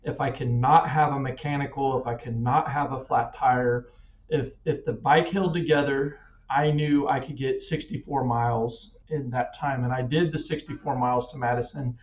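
A man's voice: medium pitch, steady tone, moderate pace. A middle-aged man from Kansas, a cyclist guest, telling his story earnestly, often repeating words. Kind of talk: casual interview. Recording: echoey distant dull-sounding mic.

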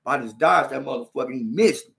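A young man hosting a podcast, telling a story in casual chat, animated and slang-heavy, acting out punches with sound effects. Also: medium pitch, fast talker, creaky. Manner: slang-heavy, repeats "you know what I'm saying". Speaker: podcast host.

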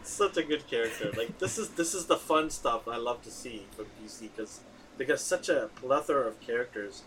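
An excitable man hosting a casual movie chat, rambling along with plenty of fillers and restarts. His voice sits at an ordinary middle pitch. A faint background hiss runs under the talk. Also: moderate pace, low-quality recording. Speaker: podcast host.

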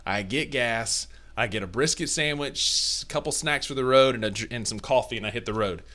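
A man's voice: mid-range voice, fairly quick, pushed and bright. A young man with a north Mississippi Southern accent, co-hosting a casual sports podcast with playful trash talk. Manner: playful trash talk, long enthusiastic lists. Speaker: podcast co-host.

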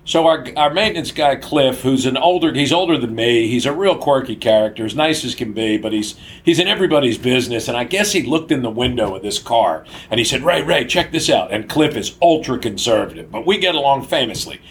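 A man's voice: medium pitch, expressive, brisk, few pauses, slight background noise. An older man co-hosting a casual podcast, telling stories and laughing often. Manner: laughs often, acts out quoted voices. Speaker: podcast co-host. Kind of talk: casual storytelling chat.

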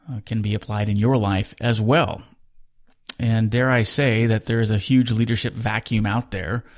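A man in his fifties hosting a solo podcast, talking in an earnest, motivational way with emphatic repetition. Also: fairly low pitch. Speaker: podcast host.

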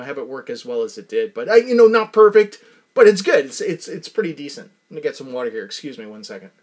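A man casually telling a long personal story, rambling with many restarts and frequent laughter. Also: medium pitch. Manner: rambling, self-interrupting, laughs often.

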